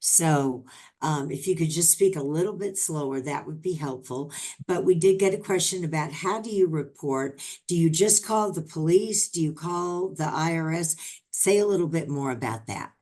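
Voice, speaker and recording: A woman moderating questions on a video call, speaking slowly and carefully, with fillers. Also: low voice, darkish tone. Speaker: town hall moderator.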